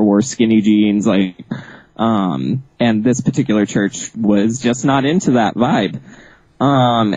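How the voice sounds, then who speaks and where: Man, low husky voice, casual interview storytelling, animated, fillers and restarts, dry dull audio. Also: no echo. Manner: animated, laughs often, many fillers and restarts. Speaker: author guest.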